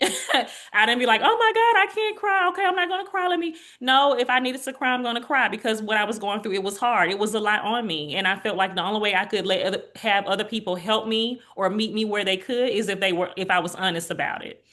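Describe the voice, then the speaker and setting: Woman in her 40s, earnest, telling her own journey on an interview, gets lively quoting people. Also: medium pitch, quick pace. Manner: earnest, animated when quoting others. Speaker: interview guest. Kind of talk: heartfelt personal testimony.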